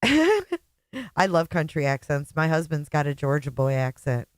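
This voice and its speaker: A woman's voice: low-pitched, sing-song, measured pace, no room sound, clean studio sound. A woman hosting a livestream, chatting casually, sarcastic and mocking, often laughing. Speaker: livestream host.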